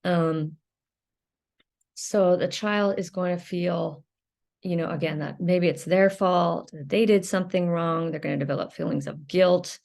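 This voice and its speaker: A woman's voice: on the low side, steady tone, unhurried, vocal fry, a little mellow. Woman explaining in a loose, conversational way. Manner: conversational, loose and searching phrasing. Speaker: video creator on emotional recovery. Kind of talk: unscripted educational monologue.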